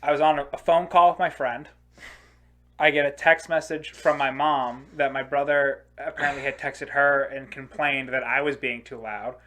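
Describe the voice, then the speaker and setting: A man co-hosting a podcast, chatting casually and telling an animated, sweary story. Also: medium pitch, moderate pace. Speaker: podcast co-host. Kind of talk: casual chat.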